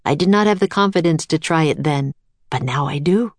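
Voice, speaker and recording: A woman's voice: deep voice, a little fast, no echo. Woman voicing a determined old inventor. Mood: proud.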